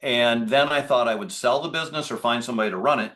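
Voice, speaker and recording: A man with a middle-pitched voice speaking as a podcast guest. He talks in a loose, conversational way, rambling and restarting as he goes. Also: fast talker, a bit bright. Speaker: podcast guest, business owner. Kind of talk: casual interview talk.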